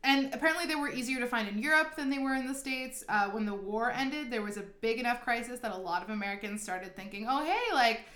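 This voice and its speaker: A woman's voice: fairly high pitch, fast, hardly any pauses, sharp tone. A young woman co-hosting a casual history podcast, reading out facts with asides and laughing easily. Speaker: podcast co-host. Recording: echoey room.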